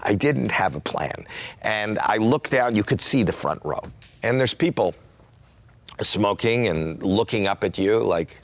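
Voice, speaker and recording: A man in his sixties from Canada, a comedian telling a story in an interview and acting out quotes with sudden jumps in pitch. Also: lively intonation, a little slow. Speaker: comedian guest.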